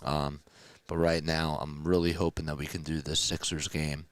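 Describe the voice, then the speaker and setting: A man with a hoarse, strained voice calling a football game live as a fan play-by-play caster, rising to excited shouts before a casual sign-off. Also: a bass voice, normal speed, dry recording, clean studio sound. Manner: excited calls that rise to shouts.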